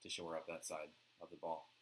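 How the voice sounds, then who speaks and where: A man co-hosting a sports podcast in casual chat, relaxed and steady as he leads each segment. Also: deep voice, brisk, slight background noise, low-quality recording. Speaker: podcast co-host.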